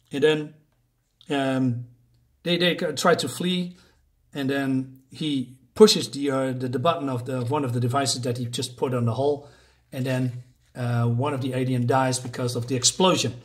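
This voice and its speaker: Excitable, hesitant man recapping a comic. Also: mid-range voice, normal speed. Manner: hesitant, many restarts and fillers; excitable, laughs at gory moments. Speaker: comic book reviewer. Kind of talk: casual plot recap.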